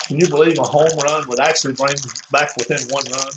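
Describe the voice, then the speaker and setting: A man with a Southern American drawl hosts a tabletop baseball replay in a relaxed, chatty way. He calls each play loosely, wanders into stories and laughs at himself often. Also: medium pitch, fairly quick, noisy background. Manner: chuckles often, rambling, self-deprecating. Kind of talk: casual play-by-play chat.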